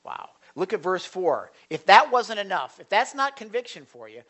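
Excitable preacher, quiet to loud. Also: male voice, high voice, moderate pace. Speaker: pastor. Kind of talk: sermon. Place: church sanctuary.

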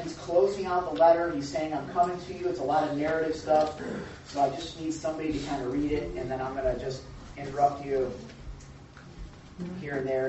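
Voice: medium pitch, a little mellow. A Bible study leader teaching informally, talking with the group, asking rhetorical questions and sometimes acting out little scenes in a raised voice. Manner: conversational, full of rhetorical questions. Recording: echoey room, far off, dull and faint hiss.

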